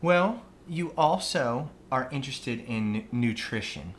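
A man hosting a podcast, asking short, relaxed questions in casual chat. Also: medium pitch, a little slow, a little hiss or hum. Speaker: podcast host.

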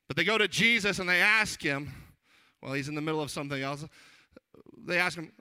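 A man's voice: a little high, fast talker. A man in his thirties, a children's pastor, giving a conversational sermon full of funny stories and acted-out voices. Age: 30s. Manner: animated, jokey, acts out quoted voices.

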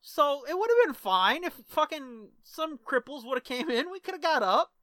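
A man's voice: very high-pitched, very animated, moderate pace, fairly bright tone, no echo. A man co-hosting a podcast, telling stories in a laid-back, profane way. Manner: laid-back, swearing, storytelling. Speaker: podcast co-host. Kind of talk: casual profane chat.

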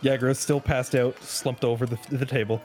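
A man narrating as game master of a tabletop game, relaxed and hedging. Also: mid-range voice, a little fast.

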